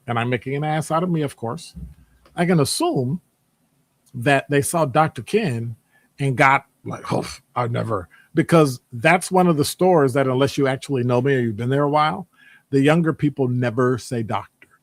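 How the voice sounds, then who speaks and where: Guy rambling thru a story, bouncy lively pitch, dry close sound, goes off on tangents. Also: dry recording. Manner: animated, jumps into high-pitched voices when quoting people; conversational, digressive. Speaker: podcast host; academic department member. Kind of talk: casual storytelling monologue.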